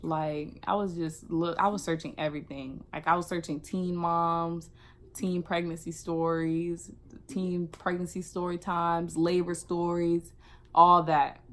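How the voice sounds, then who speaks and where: A young woman vlogger telling a casual storytime, animated and acting out what people said. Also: lowish voice, measured pace. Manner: animated, acts out quotes.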